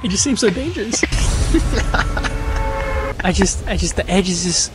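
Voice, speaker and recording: A man's voice: sits high, lively intonation, moderate pace, loud music behind the voice. A man in a casual gaming chat, joking and teasing his friend and laughing often. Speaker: gamer.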